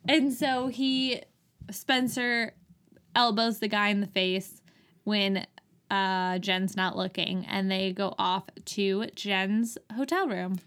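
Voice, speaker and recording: A woman in casual conversation, retelling a film scene by scene. She is lively and playful, dropping into voices for each character as she goes. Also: mid-range voice, takes it slowly. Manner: animated, acts out characters' lines with laughs. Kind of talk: casual chat recapping a movie.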